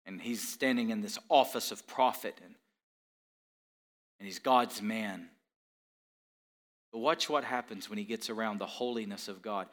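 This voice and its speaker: A middle-aged man preaching a sermon, swinging from hushed questions to shouted climaxes and addressing the congregation with rhetorical questions. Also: lowish voice, unhurried, long pauses.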